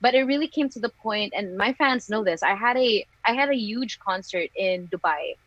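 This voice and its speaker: A woman's voice: mid-range voice, moderate pace, a bit bright, no room sound, muffled recording. A young woman from the Philippines, a singer chatting candidly as an interview guest and laughing often between thoughts. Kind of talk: casual interview chat.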